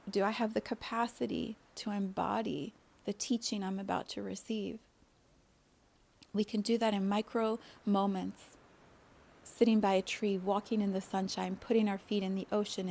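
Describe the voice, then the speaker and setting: A woman hosting a spiritual podcast, talking in a gentle, flowing way and laughing often. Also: medium pitch. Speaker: podcast host, spiritual guide.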